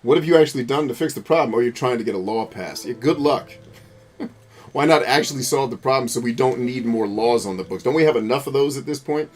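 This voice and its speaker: A man's voice: medium pitch, quick pace. Profane, ranting man over gameplay. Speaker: gameplay commentator. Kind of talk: rambling commentary over gameplay.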